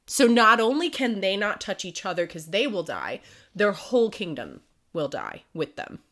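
A podcast co-host, a woman recapping a story in loose, casual chat. Her voice is bright and forceful. She is animated, swears freely and breaks into laughter often. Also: medium pitch, moderate pace.

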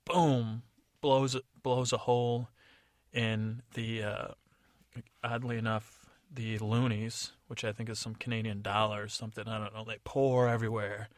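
A man's voice: lowish voice, level tone, moderate pace, no room sound, studio quality. A man from the United States improvising a story in a casual, rambling, digressive way. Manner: rambling, digressive, many fillers. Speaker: podcast storyteller.

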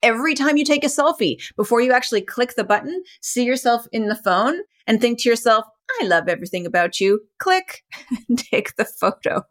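A woman's voice: fairly high pitch, animated, normal speed, a bit bright. Encouraging woman guiding a self-help exercise. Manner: encouraging, conversational, laughs often. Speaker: podcast host and coach.

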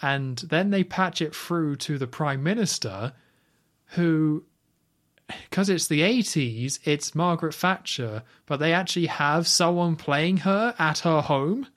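A man's voice: fairly high pitch, measured pace. Wry man recapping a film. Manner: wry, animated recapping with quoted lines. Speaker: podcast co-host. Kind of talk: casual film review chat.

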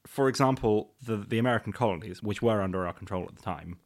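A man's voice: fairly low pitch, fast talker. A man co-hosting a history podcast in casual chat, dry and understated. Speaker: podcast host.

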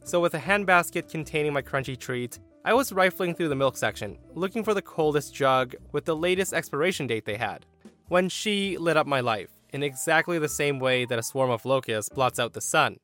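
A man's voice: on the high side, animated, a little fast, a bit bright, soft background music. A man hosting a podcast, telling a story in a wry, theatrical way. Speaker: podcast host. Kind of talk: storytelling narration.

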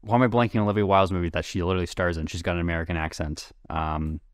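A podcast co-host in casual chat, this man has a low voice with fairly even intonation and talks very fast. He rambles, leans heavily on "like," and gets tongue-tied at times. His tone is clean, with studio-quality sound and no room echo.

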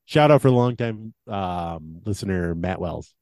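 A man's voice: deep voice, animated, unhurried, a little mellow, no echo. A man co-hosting a casual comedy podcast, reading a countdown with mock solemnity and laughing at his own bits. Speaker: podcast co-host.

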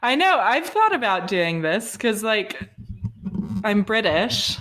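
A woman's voice: medium pitch, sing-song, a bit bright. A woman co-hosting a podcast, chatting casually and telling stories with frequent giggles. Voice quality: quick, giggly storytelling. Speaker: podcast co-host. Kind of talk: casual chat.

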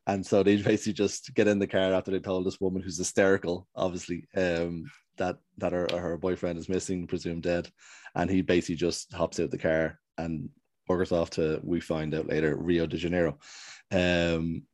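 A man's voice: sits low, little pitch movement, normal speed, a little mellow, no room sound. A man casually recapping a TV show's plot, rambling and hesitant as he tells it. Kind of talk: casual chat recapping a TV show.

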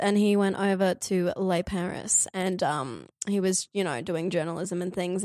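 A woman's voice: mid-range voice, no room sound, clean studio sound. A woman co-hosting a casual chat and retelling a story, giggly and rambling with lots of fillers. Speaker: podcast co-host.

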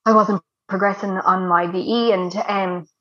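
A woman's voice: medium pitch, steady tone, moderate pace, a bit bright. A woman, telling her birth story in a chatty way full of fillers. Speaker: guest sharing a birth story. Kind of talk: casual storytelling. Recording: dull lo-fi recording.

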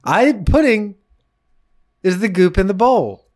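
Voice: mid-range voice, expressive, slow, a little mellow. A podcast co-host bantering playfully and teasing the other host. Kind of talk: casual chat.

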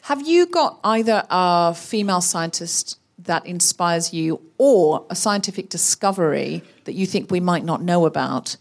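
A woman hosting a live podcast, asking relaxed, inviting questions. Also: fairly low pitch, measured pace, few pauses. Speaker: host.

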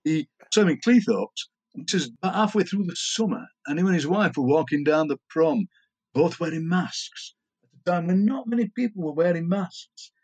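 A man's voice: fairly high pitch, normal speed. A man with a Yorkshire accent, talking as a guest in a casual conversation and telling stories, playful with words. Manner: animated storyteller, playful with words.

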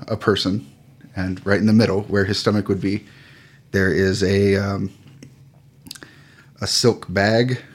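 A man narrating as game master of a tabletop game, relaxed and hesitant with many fillers. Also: lowish voice, breathy edge.

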